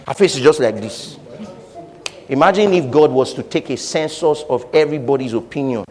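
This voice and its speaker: Animated preacher in an echoing hall. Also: male voice, medium pitch, normal speed. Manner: animated preaching, acting out voices, frequent laughter. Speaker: pastor. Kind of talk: sermon.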